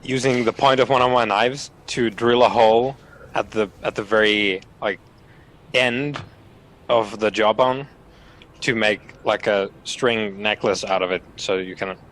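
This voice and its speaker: Male player, low voice, casual and rambling, distant mic, faint hiss. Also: steady tone, unhurried, a bit bright. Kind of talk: tabletop game chat.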